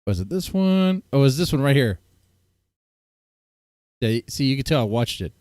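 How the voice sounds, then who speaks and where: A man's voice: mid-range voice, big pitch swings, normal speed, a little mellow, dry recording, studio quality. A man streaming casually, reacting to clips in a blunt, rambling way and often breaking off mid-sentence. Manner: blunt, rambling, self-interrupting. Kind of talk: casual chat.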